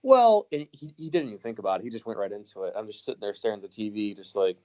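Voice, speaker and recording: A man's voice: on the low side, sing-song, very fast, darkish tone. A man co-hosting a casual podcast, ranting with lots of swearing and frequent laughter. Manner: ranting, profane, laughs often. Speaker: podcast co-host.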